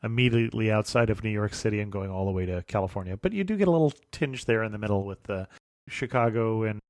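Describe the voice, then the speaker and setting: A man hosting a travel podcast interview, relaxed and chatty, often chuckling and giving short affirmations. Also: lowish voice, fast talker, dry recording, studio quality. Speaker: podcast host. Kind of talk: conversational interview.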